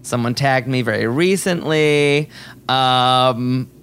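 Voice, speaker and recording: A man co-hosting a podcast in casual chat, animated and gossipy, often breaking into laughter. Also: mid-range voice, slow, smooth. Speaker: podcast co-host.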